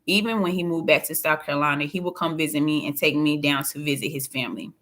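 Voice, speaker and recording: Bright-voiced woman narrating an audiobook. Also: sits low, steady tone, quick pace. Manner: plain, confiding storytelling. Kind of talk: first-person audiobook narration.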